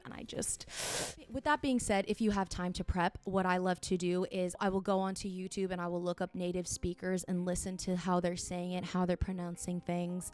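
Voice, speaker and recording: A woman's voice: lowish voice, clean tone. A woman actress answering viewer questions in an advice vlog, speaking in an earnest, encouraging, direct way.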